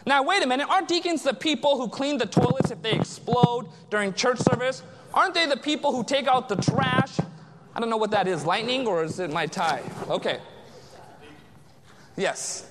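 A man's voice: extremely high pitch, background noise. A man preaching a sermon as pastor, quizzing the congregation with call-and-response questions. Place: large church sanctuary. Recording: long church reverb.

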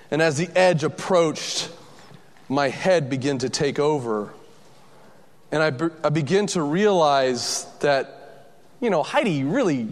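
Animated man telling a story in a hall. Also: a little high, slight background noise. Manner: lively, self-mocking, acts out quoted voices. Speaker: speaker telling a personal story.

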